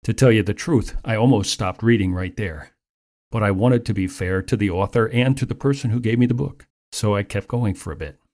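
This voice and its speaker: A man preaching a Bible teaching in a measured, earnest, explanatory way. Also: lowish voice, darkish tone. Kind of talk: sermon-style Bible teaching.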